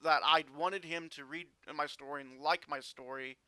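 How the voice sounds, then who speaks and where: A man vlogging a personal story in an earnest, halting way with frequent restarts. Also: a little high, steady tone, pushed and bright, no echo.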